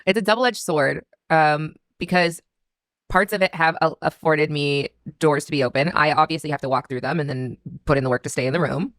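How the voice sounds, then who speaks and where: A woman in her thirties answering interview questions in a candid storytelling way, with many filler "like"s. Her voice sits low for a woman. The recording is dry and close. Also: a little fast, fairly bright tone, dry recording. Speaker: interview guest.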